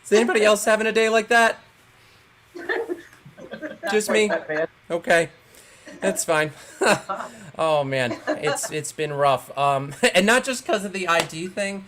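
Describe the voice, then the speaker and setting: Guy doing stand-up on a zoom call, super lively pitch, yells out bits of his stories, little bit of hiss. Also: measured pace, long pauses. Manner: animated storytelling with loud acted-out shouts. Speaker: comedian. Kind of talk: stand-up comedy set. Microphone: video call.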